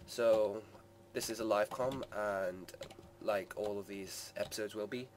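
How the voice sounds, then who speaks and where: Male gaming host, lowish voice, loose rambling live commentary, faint background hum. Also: fairly even intonation, a little slow. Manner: rambling, hedging with many "sort of" and "like".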